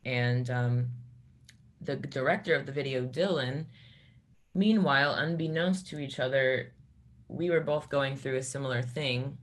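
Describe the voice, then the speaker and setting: Halting woman talking with many restarts. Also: very deep voice. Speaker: metal band vocalist. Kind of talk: casual interview talk.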